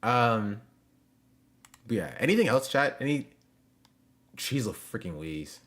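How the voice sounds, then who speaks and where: A man's voice: medium pitch, big pitch swings, takes it slowly, fairly bright tone. A young man chatting casually with his live-stream audience, joking and loose, full of slang and fillers. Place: home.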